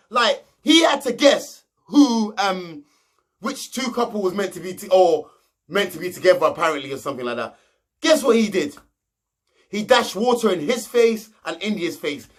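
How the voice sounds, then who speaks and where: A man's voice: sits high, fairly bright tone. A young man, recapping reality TV gossip in a slangy, mocking, rambling way. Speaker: reality show recap host.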